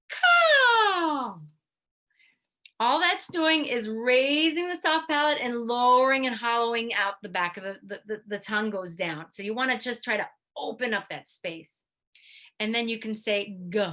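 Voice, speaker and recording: A woman physical therapist giving an instructional talk, lively and demonstrating goofy mouth sounds as she teaches. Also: mid-range voice. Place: video presentation to a study club.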